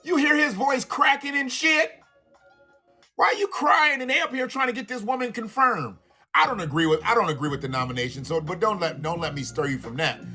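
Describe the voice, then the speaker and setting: A man hosting a live stream, ranting in a profane, animated way with laughing asides. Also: sits high, a little fast, husky, soft background music. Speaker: livestream host. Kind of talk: live commentary rant.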